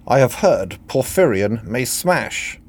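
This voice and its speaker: A man voicing a gruff, testy older businessman in a satirical reading. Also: medium pitch, big pitch swings, slow.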